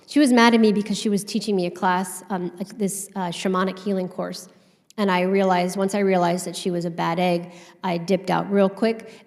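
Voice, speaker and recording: A woman speaks from a conference stage, telling a personal story with candid, animated energy and a casual swear here and there. Her pitch sits in the middle range. The hall gives her voice a long, ringing reverb.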